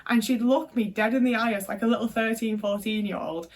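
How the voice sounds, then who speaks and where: A young woman from the UK talks straight to camera about her past, blunt and peppered with swearing. Her voice sits fairly high, and she sounds a little distant from the microphone. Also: fairly even intonation, brisk. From United Kingdom. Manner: frank, swears often, many filler "like"s. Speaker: vlogger. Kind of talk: casual storytime monologue.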